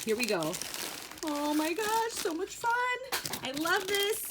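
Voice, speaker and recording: A woman's voice: extremely high pitch, slow, noisy background. A young woman hosting a toy unboxing, gushing and gasping with delight as she talks casually to her viewers. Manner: gushing, excitable, gasps and squeals of delight.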